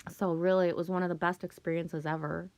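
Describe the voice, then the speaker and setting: A woman's voice: fairly low pitch, little pitch movement, fast, darkish tone, no echo. A woman, hosting a casual livestream, chatting with viewers and telling stories in a chatty way, swearing now and then. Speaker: livestream host reading chat.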